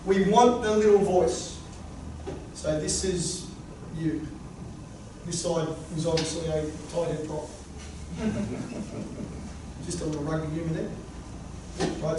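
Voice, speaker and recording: A man's voice: fairly high pitch, takes it slowly, pauses often. A man presenting a sports coaching workshop to a live group, joking and punchy. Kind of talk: workshop talk. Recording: echoey room, far from mic, noisy.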